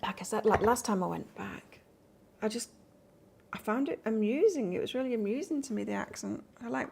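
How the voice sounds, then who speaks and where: A woman from England runs a live tarot reading, her fairly high voice carrying a gravelly, fry-laden texture. She chats casually between cards, upbeat and conversational, with a faint hum of noise behind her. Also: a little fast, a little mellow. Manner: chatty and upbeat, reads out cards and answers comments. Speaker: tarot reader. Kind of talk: live-stream tarot reading with viewer chat.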